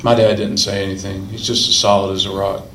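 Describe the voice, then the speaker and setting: A man's voice: deep voice, little pitch movement, brisk, sharp tone, a little hiss or hum. A man speaking earnestly and emotionally as a recovery meeting speaker, repeating phrases for emphasis. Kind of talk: personal recovery story told to a meeting. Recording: echoey room.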